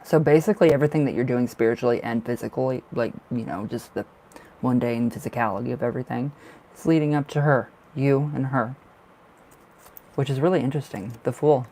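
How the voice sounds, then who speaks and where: A man's voice: medium pitch, brisk, dark tone. Guy doing live tarot readings, chatty, reassuring, kinda emotional, lots of you knows. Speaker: tarot reader.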